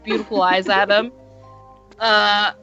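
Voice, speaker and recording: Giggly woman narrating her character in a tabletop game, bright voice, slightly dull audio. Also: medium pitch, level tone, slow pace, faint music behind. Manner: giggly, playful. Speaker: player.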